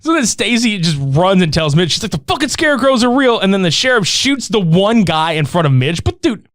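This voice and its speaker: A man tells a movie's story in loose, profane chat, his pitch bouncing high and low as he acts out the characters. His voice sits a little high for a man and sounds close and dry. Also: moderate pace, no room sound. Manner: animated, swearing, acts out characters' lines. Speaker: movie recap podcaster.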